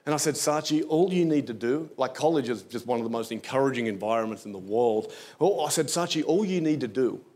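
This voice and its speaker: A man's voice: mid-range voice, animated, a little fast, few pauses, a little mellow. A man preaching a sermon, telling a story and acting out the voices in it. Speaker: guest preacher.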